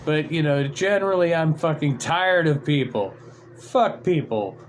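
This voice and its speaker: A livestream host rants casually, irritated, profane, and sarcastic. His fairly high male voice is expressive and a little slow, with background noise behind him.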